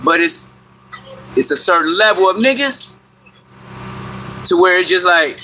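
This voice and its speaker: A man with Los rants on a livestream, his voice high and very bright. He talks in loud, repetitive bursts and breaks into sudden yelps. A faint noise hangs behind him. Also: animated, a little slow, poor audio. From Inglewood, California. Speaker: livestream host. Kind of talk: animated livestream rant.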